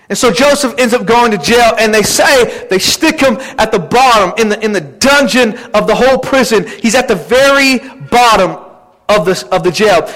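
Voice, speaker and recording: A man's voice: extremely high pitch, fairly bright tone, big-room sound, poor audio. A man preaching a sermon, retelling a Bible story in a casual, conversational way and acting out the characters' lines. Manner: conversational storytelling, acts out biblical characters in quotes.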